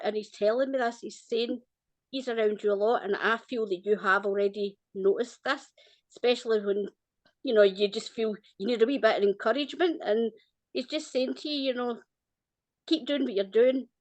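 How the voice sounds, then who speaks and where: Gentle Scottish woman giving a psychic reading. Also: a little high, a little fast, dry recording. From Scotland. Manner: gentle, reassuring, often smiling and laughing. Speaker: psychic reader. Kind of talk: psychic reading over a call.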